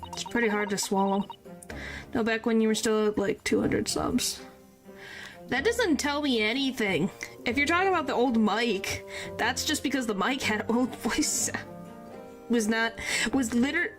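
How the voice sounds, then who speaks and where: A woman streamer talks casually over a game and reads its dialogue aloud, giggling between lines. Her voice sits somewhat high and comes through a streaming microphone, with faint game music playing behind. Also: lively intonation, normal speed. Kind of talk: casual game commentary with character line reading.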